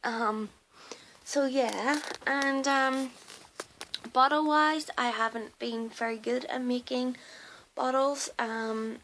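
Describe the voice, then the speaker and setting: A woman's voice: high-pitched, fairly even intonation, slow pace, background noise. A woman who is losing her voice, chatting casually and hesitantly, with lots of fillers, as she shows off her doll collection in her home nursery. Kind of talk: casual show-and-tell video.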